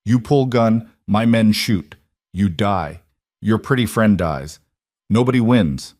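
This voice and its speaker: A man's voice: on the low side, slow pace, a little mellow, dry recording, clean studio sound. A man voicing a cold, menacing Russian crime boss in an audio story, with clipped, broken-English threats.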